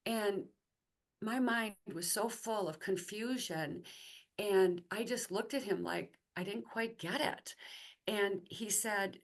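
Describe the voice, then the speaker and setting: A middle-aged woman appears as a guest and tells a personal faith story conversationally. She speaks at medium pitch, pausing with fillers and restarting her sentences.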